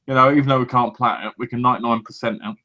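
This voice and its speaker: A man's voice: mid-range voice, steady tone, rapid-fire, sharp tone. A man co-hosting a casual gaming chat, swearing freely and acting out mock quotes. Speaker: podcast co-host. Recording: dull lo-fi audio.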